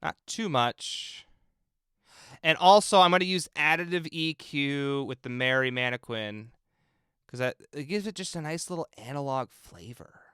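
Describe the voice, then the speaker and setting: Bright, crisp-voiced man mixing music live. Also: fairly high pitch, animated, unhurried, no room sound, clean studio sound. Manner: chatty, thinking aloud while working; talks to viewers in chat. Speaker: film composer mixing game music. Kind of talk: casual live-stream mixing session.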